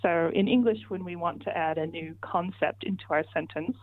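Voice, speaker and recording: A woman's voice: lowish voice, moderate pace, no room sound. A woman answering interview questions as a linguistics guest, patient and methodical, walking through examples step by step. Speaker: linguist guest explaining pronunciation. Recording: tinny phone line, dry.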